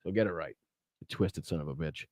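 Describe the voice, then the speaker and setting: A man's voice: extremely low pitch, fairly quick, darkish tone, no echo, studio quality. A man hosting a political podcast livestream, talking bluntly and profanely while reacting to clips and greeting chat. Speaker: podcast host.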